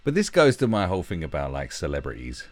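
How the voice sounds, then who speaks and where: Hosting a livestream, a man rants in blunt, mocking commentary laced with swearing. His low voice swoops wildly in pitch, and he talks fast.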